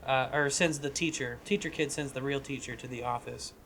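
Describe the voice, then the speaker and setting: Bright-voiced man pitching a script. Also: steady tone, a little fast, slight background noise. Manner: rambling, profane, frequent restarts. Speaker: podcast co-host. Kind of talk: casual chat pitching a script.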